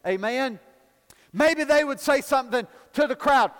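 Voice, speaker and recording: Male preacher, very high pitch, folksy and fervent, church hall echo. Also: animated, slow, smooth. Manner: folksy, rising to shouted emphasis, calls for amen. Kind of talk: sermon.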